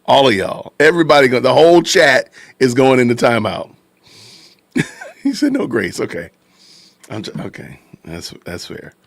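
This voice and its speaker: Animated man hosting a live stream. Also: medium pitch, normal speed, creaky, long pauses, no echo. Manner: animated, reacting to chat, laughing, repeating phrases. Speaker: podcast host. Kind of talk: casual live-stream commentary.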